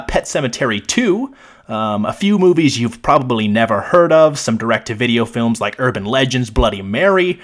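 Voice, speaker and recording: A male podcast co-host who grew up in Maine, talking in loose, casual chat. He laughs easily and swears freely. His voice sits at an ordinary, middle pitch. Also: a bit bright.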